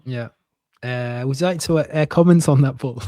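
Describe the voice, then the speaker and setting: A man from northern England co-hosting a casual chat over a video call, halting often and laughing a lot. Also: mid-range voice, dark tone, no echo, studio quality. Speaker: podcast co-host.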